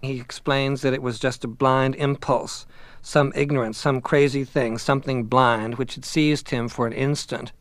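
A man reading a novel aloud and then summarizing it in a measured way, with some hesitant fillers. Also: mid-range voice, steady tone, no echo.

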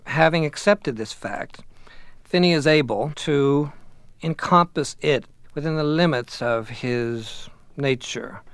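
A man reading a novel aloud and then summarizing it in a measured way, with some hesitant fillers. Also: on the high side, a bit bright, clean tone, no room sound.

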